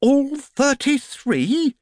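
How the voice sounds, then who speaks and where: A man voicing a polite, earnest young bear in a storybook reading, raised well above his own voice and spoken slowly and carefully. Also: on the high side, huge pitch swings, fairly bright tone, no echo, clean studio sound, pitched above the performer's own voice.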